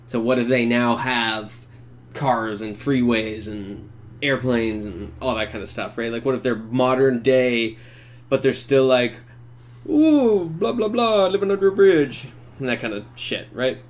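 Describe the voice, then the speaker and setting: A man co-hosting a podcast in casual chat, animated and swearing freely as he acts out scenes in silly voices. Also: mid-range voice, measured pace. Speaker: podcast co-host.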